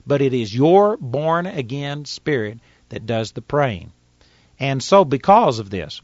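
In a dry recording with the highs cut off, a Texan preacher of medium pitch reads scripture aloud and teaches from the Bible in a folksy, plainspoken manner.

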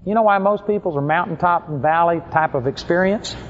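A man preaching a sermon, telling stories and acting out the people in them. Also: fairly quick. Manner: animated storytelling, acts out quoted people in higher voices. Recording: dull lo-fi recording.

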